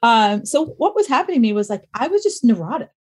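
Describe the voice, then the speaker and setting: A woman guest on a podcast, telling personal stories in an animated, self-mocking way. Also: high-pitched, fast. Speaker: podcast guest, fitness business owner. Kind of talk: casual interview storytelling.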